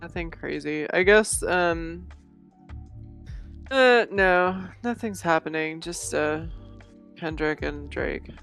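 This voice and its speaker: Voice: mid-range voice, slow pace, gravelly, long pauses, fairly bright tone, faint music behind. A podcast co-host in casual chat, playful and teasing, reading passages aloud for laughs.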